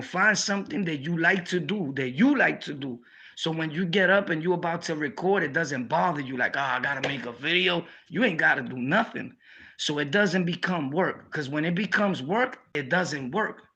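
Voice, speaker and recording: A young man with a New York accent telling jail stories in a casual, slangy, animated way for his video channel. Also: fairly high pitch. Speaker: YouTube storyteller. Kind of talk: casual storytelling vlog.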